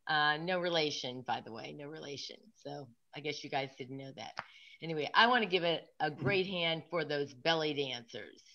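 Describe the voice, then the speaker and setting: Lady comic, low voice, one-liner jokes, kinda muffled audio. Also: normal speed, sharp tone. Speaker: stand-up comic. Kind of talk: stand-up set.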